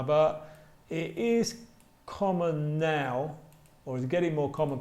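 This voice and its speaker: Slow, deliberate male English teacher. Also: on the high side, darkish tone, echoey room. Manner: repeats example sentences slowly, stretching them for emphasis. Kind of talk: slow, deliberate grammar lesson with spoken examples.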